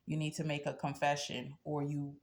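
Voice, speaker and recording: A woman's voice: low-pitched, completely flat delivery, moderate pace, creaky, a little mellow. Insistent spirit voices, as a woman quotes them. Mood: commanding. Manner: repetitive, commanding. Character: insistent disembodied spirit voices demanding confession.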